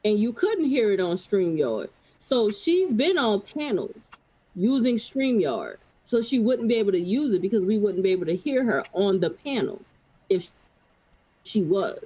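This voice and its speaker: A woman's voice: medium pitch, very animated, normal speed, mellow, husky, rough recording. A woman on a live stream panel in heated, profane casual chat.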